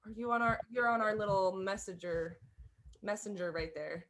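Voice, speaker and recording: A woman's voice: medium pitch, moderate pace, a bit bright, slight background noise. A woman teaching a fiddle class over a video call, explaining in a chatty way and often restarting and rephrasing as she goes. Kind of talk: online music lesson, casual explaining.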